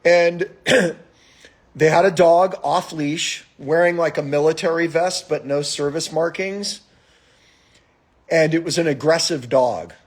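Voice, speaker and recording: Man, husky voice, fairly high, profane, animated, casual live stream monologue. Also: slow pace.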